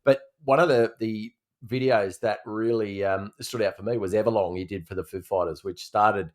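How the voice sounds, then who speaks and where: A man presenting a podcast segment in a relaxed, rambling way. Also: fairly low pitch, moderate pace.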